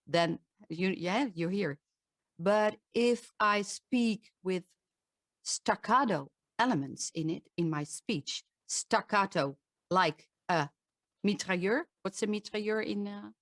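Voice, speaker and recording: A woman with a Dutch accent speaks slowly and deliberately, a voice coach explaining and demonstrating how the voice works. Her pitch is mid-range for a woman. The sound is close and dry, with little room echo. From Netherlands. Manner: demonstrative, shifts pitch to show examples. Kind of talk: talk with vocal demonstrations.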